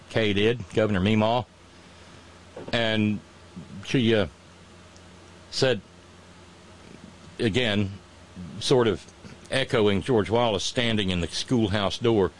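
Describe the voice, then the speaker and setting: A man delivering a sardonic satirical monologue, mocking with drawn-out pauses and asides. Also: medium pitch, expressive. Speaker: comedic commentator.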